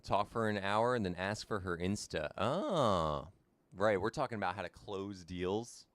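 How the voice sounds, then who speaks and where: A young man with a low, deep voice talks casually while he plays a game on a live stream. He rambles, repeats lines and answers viewer comments as they come in. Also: unhurried, a bit bright, no echo. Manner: chatty, repeats himself, answers viewer chat.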